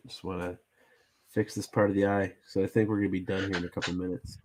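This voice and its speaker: Low-key man explaining a puppet build. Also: level tone, fast, background noise. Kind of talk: casual chat while working.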